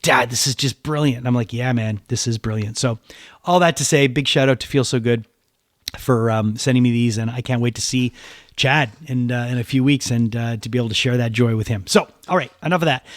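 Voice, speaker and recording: A man hosting a podcast in a studio, chatting casually and excitedly with lots of fillers, reading sponsor shout-outs. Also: medium pitch, no echo. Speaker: podcast host. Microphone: studio microphone.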